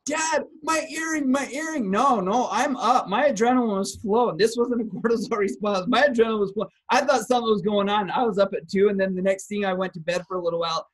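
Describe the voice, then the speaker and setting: A man talking as a guest health practitioner in a casual discussion, animated, breaking into loud acted outbursts and dropping into hushed asides. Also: high voice, quick pace, hardly any pauses, rough recording. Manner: animated, acts out angry outbursts and quotes.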